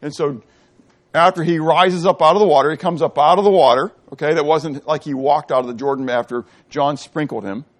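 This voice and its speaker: A middle-aged man preaching a sermon, asking the congregation questions and answering them himself, moving between loud and quiet delivery. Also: on the high side, brisk. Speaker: pastor. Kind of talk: sermon teaching.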